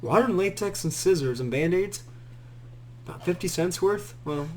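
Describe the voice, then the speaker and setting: Un jeune homme anime sa discussion de podcast avec une voix très mélodique et expressive, qui joue les répliques qu'il raconte et rit souvent. Un léger bruit de fond et un bourdonnement accompagnent l'enregistrement. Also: male voice, sits high, moderate pace, a little hiss or hum. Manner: animated storyteller who acts out quotes and laughs a lot. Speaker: podcast host. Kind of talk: casual chat.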